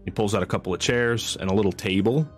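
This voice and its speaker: A man narrating as game master in a tabletop game, laid-back and quick to laugh. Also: fairly low pitch, soft background music.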